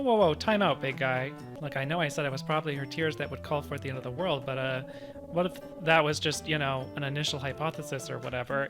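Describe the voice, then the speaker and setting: A man's voice: fairly high pitch, natural voice. Man doing a chatty, careful sidekick, hedging, over game music. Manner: quick, wordy reasoning with hedging fillers. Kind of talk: reading game dialogue aloud. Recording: game music playing behind.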